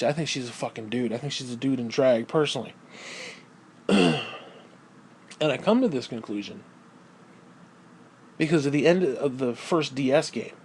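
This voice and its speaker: A man's voice: medium pitch, a little mellow, slight background noise. A man delivering a crude, heated monologue, swearing constantly and repeating phrases for emphasis. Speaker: video creator. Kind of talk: profane ranting monologue.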